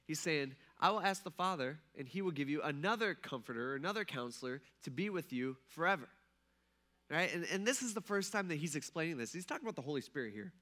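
A young man preaching a casual, conversational sermon as pastor, animated and laughing often as he acts out quoted dialogue. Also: a little high, fast.

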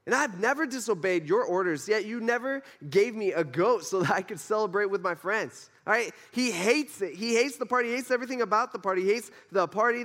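A man's voice: high-pitched, fairly bright tone, in a large hall. A male pastor giving a conversational sermon, acting out the characters' lines as he goes.

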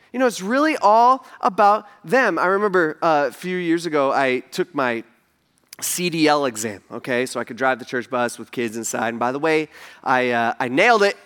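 This pastor's voice is fairly high and clean-toned. Standing on a church stage before his congregation, he preaches through lively stories, sprinkling in jokes and offhand remarks aimed at the crowd.

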